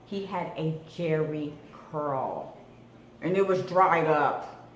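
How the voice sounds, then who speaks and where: A woman's voice: deep voice, takes it slowly. A woman in her thirties from Southern California, telling a dramatic storytime vlog with slang and swearing. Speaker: vlogger. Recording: echoey room with faint noise.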